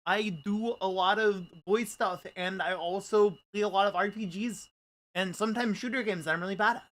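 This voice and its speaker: A man on a livestream in casual chat, playful and halting, trailing off into fillers. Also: high voice, fairly even intonation, fairly bright tone. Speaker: streamer and voice actor.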